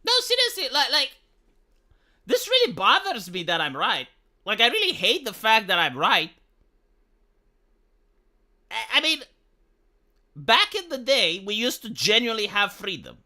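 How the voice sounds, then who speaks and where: A male live streamer from Romania rants with heated, profane indignation. His voice is very bright and sharp-edged, and his pitch swings widely as he restarts his sentences. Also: wildly swooping pitch, unhurried, long pauses. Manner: stumbling restarts. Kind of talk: ranting commentary on a live stream.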